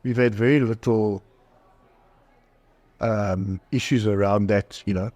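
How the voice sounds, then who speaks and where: A man's voice: lowish voice, steady tone, slow, a little mellow. A middle-aged man, a psychologist and author, talking candidly in a podcast interview, telling stories about himself and acting out the voices in them. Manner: candid, self-deprecating storyteller who acts out quoted dialogue.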